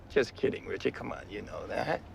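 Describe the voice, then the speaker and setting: Sly gravelly flirt. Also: male voice, medium pitch, fairly bright tone, slight background noise, exaggerated voice. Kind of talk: television drama acting.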